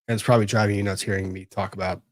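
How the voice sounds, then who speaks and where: A man's voice: fairly low pitch, flat delivery, racing, no echo, clean studio sound. A man hosting casual legal commentary, talking to himself as he hunts for documents and rambles on. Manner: rambling, talks to himself while searching documents. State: disorganized after moving.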